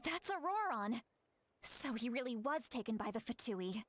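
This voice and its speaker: A woman's voice: on the high side, very animated, normal speed, a little hiss or hum. A woman voicing a tiny, chirpy female fairy companion in a video game who talks about herself by name. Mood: curious.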